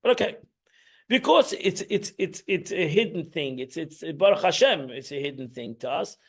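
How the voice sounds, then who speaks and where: A man's voice: a little high, lively intonation, moderate pace, vocal fry, husky. A man, teaching an informal Torah class in a rambling, emphatic way, restarting and repeating himself.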